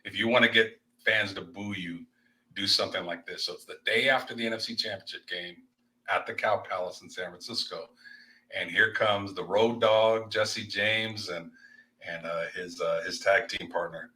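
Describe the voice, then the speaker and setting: A low-pitched man with a very bright, forceful tone. He tells stories with excitable energy and chats casually as a co-host. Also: moderate pace, poor audio. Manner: animated, excitable storyteller. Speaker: co-host and loan officer. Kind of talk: casual sports-show chat.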